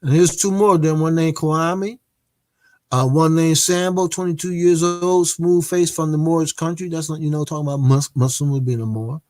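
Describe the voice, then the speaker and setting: A man delivers a religious history lecture in a somewhat high voice, often pausing on fillers and restarting his sentences. The sound is dry and close. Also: fairly even intonation, a little mellow, no room sound. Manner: hesitant, many filler pauses and restarts.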